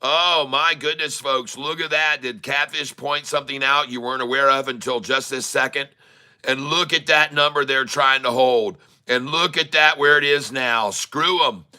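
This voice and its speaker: A middle-aged man giving excitable, taunting live commentary while day-trading, drawling numbers and talking to the market. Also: mid-range voice, moderate pace, clean tone.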